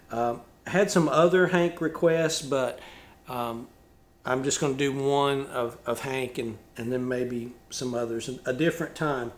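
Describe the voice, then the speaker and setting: A male musician and channel host talking casually about a song, thoughtful and explaining step by step with small restarts. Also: mid-range voice.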